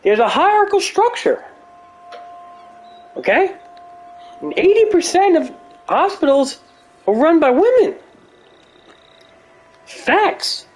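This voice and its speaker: A man doing a comedic impression of an older male pundit who lectures in a strained, halting way with drawn-out "well"s. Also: very high-pitched, sing-song, voice pushed up, heavily acted. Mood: lecturing.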